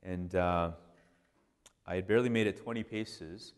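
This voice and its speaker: A man, a priest, giving a casual, animated storytelling talk full of restarts and "like". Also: deep voice, normal speed, clear, resonant tone. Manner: animated, conversational, many restarts and "like". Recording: long hall reverb.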